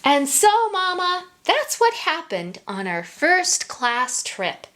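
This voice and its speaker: An excitable little boy crocodile from a storybook, eager and pleading, with a very high, swooping voice, as a woman puts him on. He sounds small and earnest. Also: slow, a little hiss or hum, full character voice. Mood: excited.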